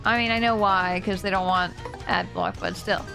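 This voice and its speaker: A woman's voice: mid-range voice, steady tone, normal speed, gravelly, over music. A woman streamer chatting casually while she plays a game, rambling and laughing often.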